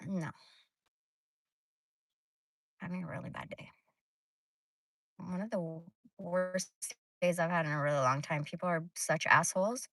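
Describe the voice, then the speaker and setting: A woman's voice: on the low side, steady tone, moderate pace, a bit bright. A woman hosting a casual livestream, ranting bluntly and swearing freely. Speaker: livestream host.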